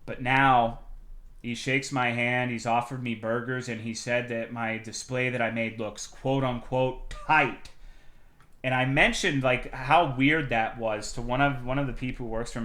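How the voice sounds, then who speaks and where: A young man in the middle of his own range tells a story on his stream, swearing freely. He keeps it casual and chatty, then bursts into loud, heated rants. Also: medium pitch, normal speed. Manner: animated, profane storytelling with sudden loud outbursts.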